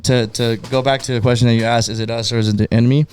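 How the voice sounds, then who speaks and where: This podcast co-host has a medium-pitched, level, slightly mellow voice and talks at a racing clip over light background noise. He chats casually about faith, quotes Bible verses, and keeps restarting his sentences.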